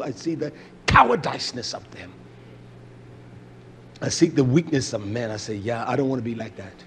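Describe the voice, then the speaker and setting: Fiery, high-pitched preaching man. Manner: swings between loud shouting and hushed, drawn-out emphasis; confrontational, repeats key phrases. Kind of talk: fiery sermon.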